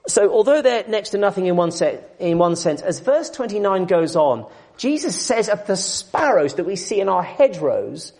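A man's voice: high voice, very animated, moderate pace, a little mellow. A man preaching an expository sermon, emphatic and full of rhetorical questions, building up and dropping back in volume.

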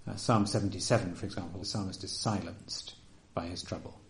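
A man preaching a sermon, earnest and emphatic, often dropping to a soft, quiet delivery. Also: deep voice, fairly even intonation, fairly quick, a little hiss or hum.

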